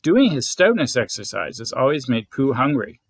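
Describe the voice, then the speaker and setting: A man who leads a scout group, reading a bedtime story aloud in a gentle, expressive way. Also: medium pitch, moderate pace, a little hiss or hum. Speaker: scout leader.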